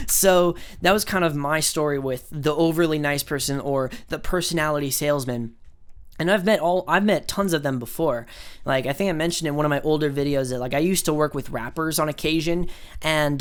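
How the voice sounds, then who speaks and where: Picture a young adult talking straight to camera in a loose storytime rant. The voice sits at an ordinary middle pitch, and the talk runs on with "like" and "um," swear words and scornful little asides. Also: normal speed, clear, resonant tone. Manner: rambling, filler-heavy, profane, with scornful asides. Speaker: vlogger.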